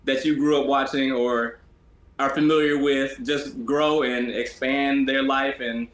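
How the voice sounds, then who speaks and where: A man speaks in a thoughtful, hesitant way during a casual conversation. His voice carries a noticeable roomy echo, and his pitch is mid-range for a man. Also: level tone, measured pace, a bit bright. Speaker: social media producer. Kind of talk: casual interview chat.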